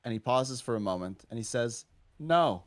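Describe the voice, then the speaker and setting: A man's voice: mid-range voice, brisk. Man telling a classroom story. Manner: animated, acts out both sides of a dialogue. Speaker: teacher. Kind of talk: casual storytelling on a live stream.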